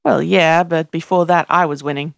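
A woman's voice: low-pitched, fairly even intonation, normal speed, creaky, no echo. Lady reading as a loopy young guy on painkillers, giggly and slurry, dry close sound. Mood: drugged, joking. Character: drowsy young man on morphine, joking.

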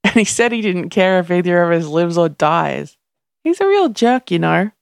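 A woman voicing a young man high on morphine after a broken arm, loose and giggly as he jokes. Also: big pitch swings, moderate pace, creaky, clear, resonant tone, dry recording, clean studio sound. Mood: drugged, joking.

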